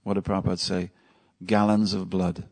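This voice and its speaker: Deep and level, a little mellow, the lecturer's voice moves briskly as he teaches a temple devotional class. His approach is conversational storytelling punctuated by questions to those listening.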